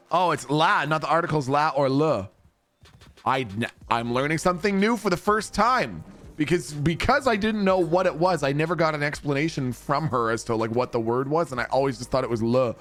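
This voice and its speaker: A man's voice: on the high side, normal speed, fairly bright tone, soft background music. A man, rambling and chatting casually with viewers during a game stream, swearing now and then. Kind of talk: casual chat with viewers while gaming.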